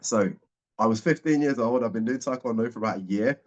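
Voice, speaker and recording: A man around forty, a guest speaker telling a personal story in a lively way and acting out what people said. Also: mid-range voice, brisk. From England. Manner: lively storyteller, acts out the dialogue. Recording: dull, muffled audio.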